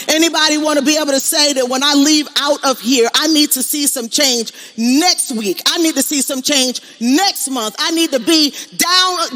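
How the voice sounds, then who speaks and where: A middle-aged woman, a motivational speaker, delivers an emphatic, preachy speech on stage at an event, repeating lines and calling out to the crowd. Her voice is high, bright, and forceful, with slight background noise.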